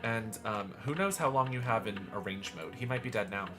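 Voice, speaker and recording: A man's voice: on the low side, animated, a little fast. A man streaming a horror game live, chatting in a gushing, campy way as he plays. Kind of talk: live gameplay commentary. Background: game music.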